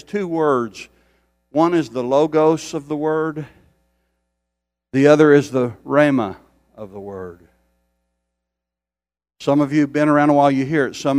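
Man, older, preacher, emphatic sermon, repeated phrases, slightly high voice. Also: a little mellow, dry recording. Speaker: pastor.

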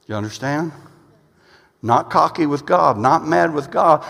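A male pastor preaching a sermon, emphatic, swinging from loud bursts to low asides and repeating phrases as he builds. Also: lively intonation, normal speed, gravelly. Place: church sanctuary. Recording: long reverb of a church hall.

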